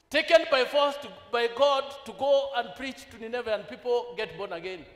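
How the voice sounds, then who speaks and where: A man's voice: extremely high pitch, fairly bright tone. A Kenyan man preaching a sermon in a church, questioning the congregation and slipping into Swahili. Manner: asks the congregation rhetorical questions; switches into Swahili mid-sentence. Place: church hall. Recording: echoey reverberant church hall.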